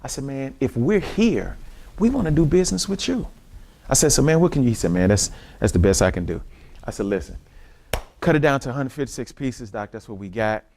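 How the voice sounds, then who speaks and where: A man with a Southern US accent leading a church community-engagement workshop, teaching in a lively preacher style and talking straight to the room. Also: mid-range voice, fairly quick, creaky. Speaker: workshop leader. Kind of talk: church community training talk.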